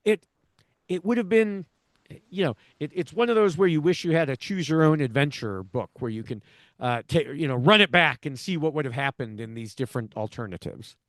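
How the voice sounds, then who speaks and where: Higher-pitched middle-aged man, dry sound. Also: dry recording. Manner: measured and analytical, with frequent "you know" fillers. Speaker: podcast co-host, reality TV commentator. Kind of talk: casual podcast discussion.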